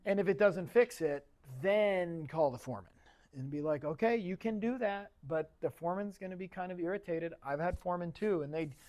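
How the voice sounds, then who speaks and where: Brief: male shop-class instructor, higher-pitched voice, loose and conversational, quizzes the room. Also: fairly quick, darkish tone. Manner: chatty, asks the class questions. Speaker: automotive instructor. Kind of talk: casual classroom lecture.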